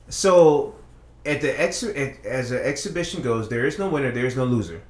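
A man's voice: mid-range voice, normal speed, echoey room. A man on a casual podcast, telling a long story in a rambling, profane way with many restarts. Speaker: podcast co-host.

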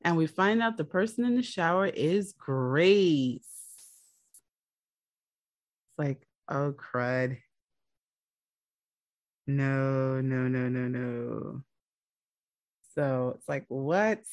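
A woman's voice: a bass voice, animated, drawn-out words, pauses often, dry recording. A woman hosting a podcast, casually retelling a TV episode in a chatty storytelling way. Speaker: podcast host.

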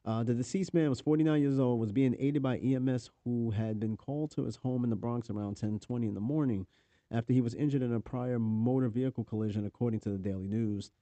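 A man's voice: medium pitch, quick pace, warm tone, no echo. Profane New York man reading the news. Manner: profane, offhand, reads articles aloud with asides. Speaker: podcast host. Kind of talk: casual news commentary.

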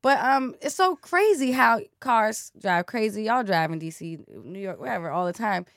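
A woman in casual conversation, expressive and slangy, swinging between loud bursts and soft asides. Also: medium pitch, moderate pace, vocal fry, dry recording, clean studio sound.

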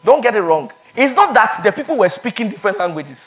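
High-voiced pastor preaching. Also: male voice, sing-song, fast, dull audio. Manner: emphatic, repeats phrases for stress, reads scripture aloud. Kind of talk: sermon.

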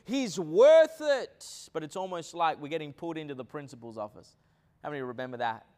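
A man preaching a sermon as pastor, with many fillers, swinging between hushed low lines and loud acted quotes. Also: fast, smooth.

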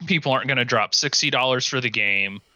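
A man co-hosting a casual gaming podcast, talking in a relaxed, matter-of-fact way. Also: medium pitch, fast, dry recording. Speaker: podcast co-host.

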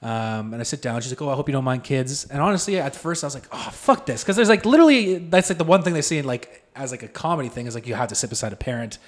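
A man co-hosting a podcast, telling his side of a story in a relaxed, offhand, profane way. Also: mid-range voice, quick pace, hardly any pauses. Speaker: podcast co-host. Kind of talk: casual chat.

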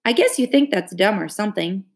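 A woman's voice: mid-range voice, big pitch swings, fairly quick. Woman doing a blunt country farm boy. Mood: dry. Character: plainspoken country farm boy, dry humor.

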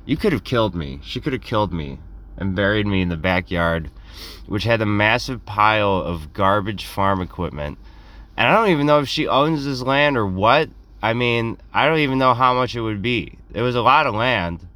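A man's voice: lowish voice, expressive, moderate pace, fairly bright tone, no room sound. A young man telling a rambling, self-deprecating comic story in a casual way, acting out quotes in other voices.

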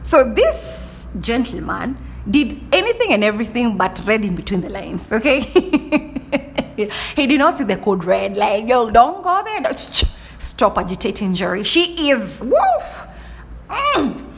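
A young woman hosts a casual podcast monologue in a fairly high voice with big pitch swings, keeping a measured pace. She's blunt and very animated, often restarting sentences and tossing in playful exclamations.

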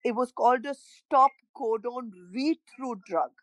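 Brief: middle-aged woman, earnest and halting, a bit high, dry close sound. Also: no echo, poor audio. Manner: halting, repeats words, emotional and earnest. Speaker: parent of a child with a rare illness, interview guest. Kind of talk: emotional personal interview.

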